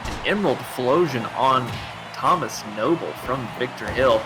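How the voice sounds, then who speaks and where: A man doing live wrestling commentary, excitable and often laughing at the action. His voice sits at a middling pitch, and music plays clearly behind him. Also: a little slow. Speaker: play-by-play commentator.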